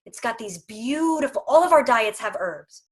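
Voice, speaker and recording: A woman's voice: a little high, animated, moderate pace. A woman speaking for a dog food company in a casual video chat, emphatic, humorous and persuasive.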